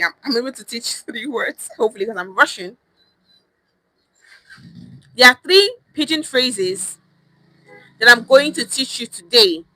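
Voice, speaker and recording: A woman's voice: on the high side, sharp tone, dry recording, poor audio. A Nigerian woman giving a casual livestream lesson on pidgin, speaking emphatically and often repeating her phrases. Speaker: online language teacher. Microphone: phone or webcam on a live stream.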